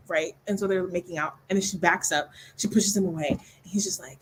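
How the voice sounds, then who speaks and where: A woman's voice: on the low side, a little fast, few pauses, a little hiss or hum, low-quality recording. A young woman hosting a book club livestream, chatting casually and animatedly, laughing often and acting out scenes in voices. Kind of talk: casual chat.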